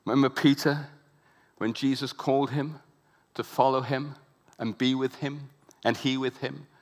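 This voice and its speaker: A man preaching a sermon with passion, repeating words for emphasis and building to loud, emphatic peaks. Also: medium pitch, steady tone, unhurried.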